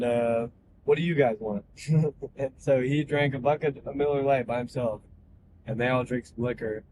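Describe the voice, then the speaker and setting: A bartender telling a laid-back story in casual chat. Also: male voice, medium pitch, background noise.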